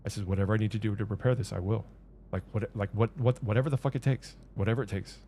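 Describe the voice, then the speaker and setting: A man's voice: fairly low pitch, fairly even intonation, fast, warm tone, a little hiss or hum. A man streaming, telling a personal story in an earnest, rambling way with many restarts and repeated words. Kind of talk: casual livestream chat.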